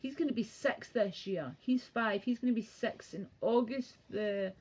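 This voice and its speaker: A woman's voice: a little high, normal speed, a little mellow, breathy edge. A young woman chatting casually and crudely on a home live stream, rambling and laughing. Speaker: livestreamer. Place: home bedroom. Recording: dull lo-fi stream audio.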